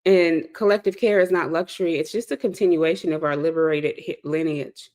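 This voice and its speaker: A low-pitched, darkish, steady voice belongs to a woman from the South Side of Chicago who hosts and speaks a little fast, giving an impassioned, preacher-like monologue that circles back to key phrases.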